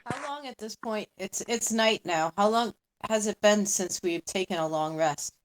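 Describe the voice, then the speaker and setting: A woman player at a tabletop game, chatting casually and asking quick practical questions. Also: mid-range voice.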